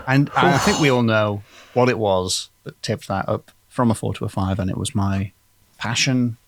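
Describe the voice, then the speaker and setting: A man's voice: lowish voice, moderate pace. A man co-hosting a podcast, trading playful comedic banter and breaking into mock singing. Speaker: podcast co-host.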